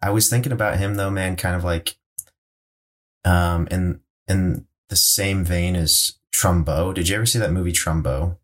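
A man chatting casually about movies on a podcast, rambling and excitable, swearing freely. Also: sits low, normal speed.

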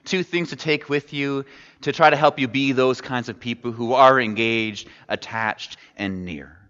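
A man's voice: medium pitch, unhurried, a bit bright. A man preaching a sermon, talking in a conversational way and putting questions to the congregation. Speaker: pastor. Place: church sanctuary. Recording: dull sound in a large reverberant hall.

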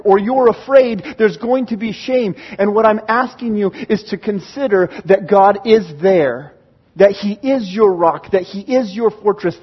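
A man with a high, somewhat husky voice preaches a storytelling sermon, acting out his exclamations with animation. He is recorded in a church sanctuary, and the sound is dull and lo-fi with a long hall reverb trailing each phrase. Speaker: pastor.

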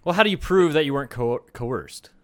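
A man co-hosting a podcast, telling a story in a rambling, profane, animated way. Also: mid-range voice, brisk, no room sound. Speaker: podcast co-host. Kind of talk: casual storytelling chat.

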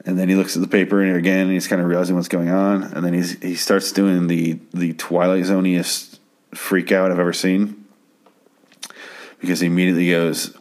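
A man's voice: low-pitched, flat delivery, normal speed, a little mellow. A man casually recapping a TV episode at home, rambling and stammering with plenty of swearing. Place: home at night.

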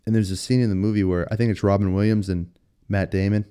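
Low-voiced man rambling on a podcast. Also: little pitch movement, fast talker, warm tone, clean tone. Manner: rambling, self-deprecating, lots of fillers. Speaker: podcast host. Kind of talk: casual solo podcast talk.

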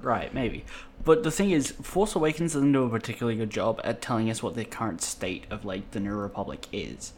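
A man's voice: lowish voice, a little fast. Easygoing man with faint background noise. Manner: laughs often, easygoing banter. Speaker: podcast co-host. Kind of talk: casual chat.

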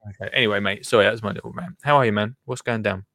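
A man's voice: fairly low pitch, fairly even intonation, rapid-fire, sharp tone. A man hosting a casual chat, joking around, laughing often and drifting into little rants. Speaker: podcast host.

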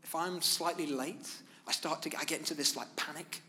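Bright-voiced male preacher in a reverberant hall. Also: fairly high pitch, fairly even intonation, slight background noise. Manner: measured, emphatic phrasing with pauses. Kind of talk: sermon. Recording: long reverb of a large hall.

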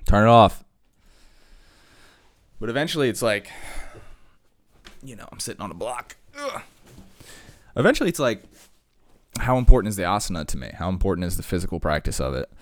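Man, lowish voice, dry close recording, casual rambling chat, lots of "like" and "um". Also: big pitch swings, fairly quick, long pauses, no echo. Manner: loose, chatty, lots of fillers and asides.

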